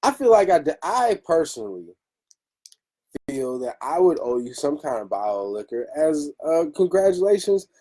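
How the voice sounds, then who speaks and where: A man's voice: fairly high pitch, sing-song, normal speed, warm tone, poor audio. A man hosting a casual podcast chat, telling stories animatedly, laughing often and acting out quotes. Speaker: podcast host.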